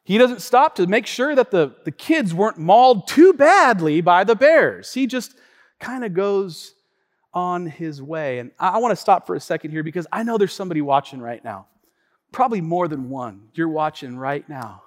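A male pastor delivers a sermon in a fairly high voice, with his words trailing off into a long reverb in a church hall. He tells his story with many stumbles and restarts, dropping to quiet asides and then rising to excited, loud retelling. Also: normal speed.

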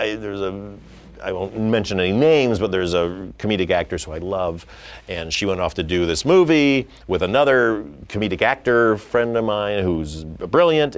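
A middle-aged man talks shop about directing, with a slightly low voice that swings widely up and down as he acts out what people said. His talk is loose and conversational, full of quick asides. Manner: animated storytelling, acting out quotes. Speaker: film director. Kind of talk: conversational interview.

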